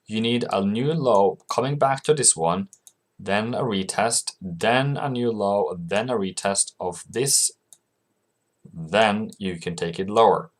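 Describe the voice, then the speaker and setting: Slow and on the low side, this male forex channel host offers relaxed commentary on the charts. He's chatty, answers questions he puts to himself, and coaxes his audience by calling them "mate."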